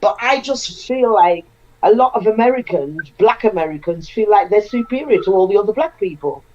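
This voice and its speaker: A woman's voice: medium pitch, animated, normal speed, a little mellow, dull audio, a little hiss or hum. A woman on a casual panel discussion, speaking earnestly and repeating her key phrases for emphasis.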